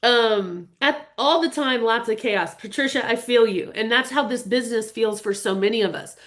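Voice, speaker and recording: A woman's voice: on the high side, normal speed, fairly bright tone. Earnest middle-aged woman hosting a webinar. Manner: earnest and openly emotional, chatting with viewers. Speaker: real estate business coach hosting a webinar. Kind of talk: live webinar presentation.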